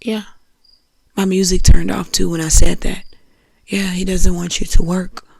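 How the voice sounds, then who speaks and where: A woman's voice: on the low side, level tone, a little slow, vocal fry, dark tone, slightly rough, no room sound. Woman doing a tarot reading, chatty and loose, keeps repeating herself and asking if you hear her, dry close sound. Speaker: tarot reader. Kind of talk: casual tarot reading for an online audience.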